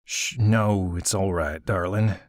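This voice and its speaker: A grieving, bearded old craftsman, as a male storybook narrator voices him, tender and soothing with clipped rustic speech. The voice sits low and quiet in a dry, close recording. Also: measured pace, dry recording. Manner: gentle, soothing, rustic dialect.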